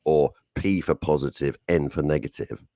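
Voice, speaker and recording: Hoarse british guy, super low gravelly voice, lively rant. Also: normal speed, no echo, clean studio sound. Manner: ranting, joking storyteller. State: hoarse, sore throat. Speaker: radio show host. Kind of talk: casual banter on air.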